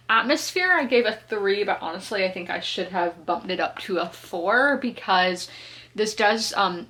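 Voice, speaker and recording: A woman's voice: mid-range voice, normal speed, fairly bright tone. A woman, chatting casually through a book review, laughing often and correcting herself as she goes. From South Carolina, US. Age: 20s. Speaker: book vlogger.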